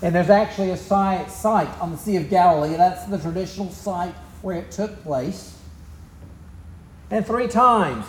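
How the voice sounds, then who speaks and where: A man's voice: high-pitched, animated, moderate pace, roomy sound. A man with a Southern US accent preaching a sermon, telling the story in a folksy, easygoing way. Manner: folksy storytelling, drawling asides. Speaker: pastor.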